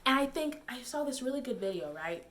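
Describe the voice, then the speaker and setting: A woman's voice: sits high, sing-song, fairly quick, a bit bright, slight background noise. A young woman giving casual, digressive commentary to camera, laughing and using many fillers. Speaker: YouTube commentator.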